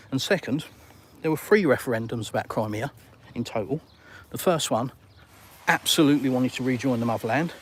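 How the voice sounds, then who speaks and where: A middle-aged man with an English accent, hosting a casual live Q&A outdoors. He talks bluntly and teases viewers with jokey banter in a middle-pitched voice. Faint ambient noise sits behind him. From England. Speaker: livestream host. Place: outdoors on a sunny balcony.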